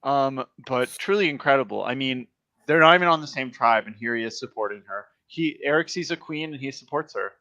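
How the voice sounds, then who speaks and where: A man's voice: mid-range voice, brisk, pushed and bright. A man hosting a live discussion show, playful and swearing casually as he talks. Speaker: host. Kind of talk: casual podcast chat. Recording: dull lo-fi audio.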